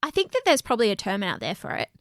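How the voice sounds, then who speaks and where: A woman co-hosting a casual podcast chat, talking in an earnest, animated way. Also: fairly high pitch, very fast, dry recording, clean studio sound. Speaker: podcast co-host.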